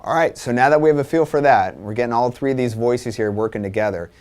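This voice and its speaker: A man's voice: mid-range voice, fast, over loud music. A man teaching a drum lesson, explaining accent patterns and counting sixteenth notes aloud in a casual way. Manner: casual, repeats "right?" and restarts. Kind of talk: instructional lesson.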